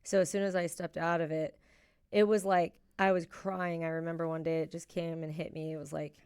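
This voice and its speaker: A young woman in an easy podcast chat, her voice smooth and clear and sitting a little low. She tells stories with animation and slips into the voices of the people in them. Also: fairly quick. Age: young adult. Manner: animated storyteller who acts out quoted voices. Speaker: podcast co-host. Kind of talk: casual chat and storytelling.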